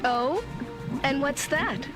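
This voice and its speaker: A woman voicing a composed heroine in an 1980s cartoon, calm and gently teasing. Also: sits high, slow, over music. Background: loud cartoon score.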